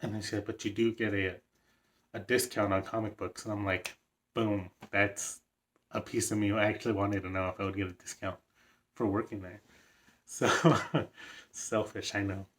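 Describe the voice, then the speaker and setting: A young man talks casually to the camera in a vlog, telling a story in a low voice. His delivery is fairly flat and level, rambling along with plenty of fillers and an occasional excited chuckle. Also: moderate pace. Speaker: vlogger.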